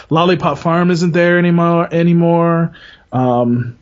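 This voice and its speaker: New dude swearing and laughing through a story, higher voice, muffled audio. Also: male voice, normal speed. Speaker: podcast co-host. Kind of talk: casual chat. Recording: dull lo-fi sound.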